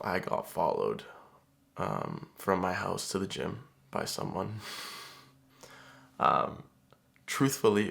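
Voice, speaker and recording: Gravelly low-voiced young man vlogging. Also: fairly bright tone. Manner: laid-back, laughing, swearing casually. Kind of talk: casual vlog chat.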